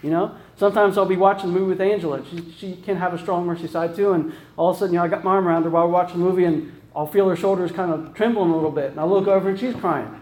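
A man with a fairly high voice preaches in a loose, conversational way, checking in with his listeners through frequent "right?" and stopping to restart his phrases. His voice rings around an echoey room. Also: fairly even intonation, rapid-fire, few pauses, darkish tone. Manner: casual, peppered with "right?" tag questions and restarts. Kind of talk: conversational sermon.

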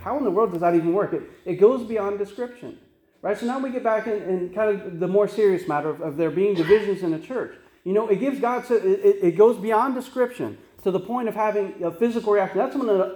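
A man's voice: high voice, fast, darkish tone, roomy sound. A man preaching a sermon as pastor, earnest and conversational, with frequent restarts and tag questions.

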